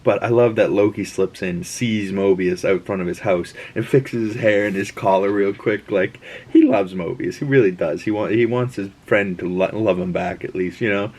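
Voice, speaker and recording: Husky low-voiced man, chatty. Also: normal speed, hardly any pauses, a little mellow. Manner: rambling, chatty, frequent restarts and asides. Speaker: host. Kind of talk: casual reaction and episode breakdown.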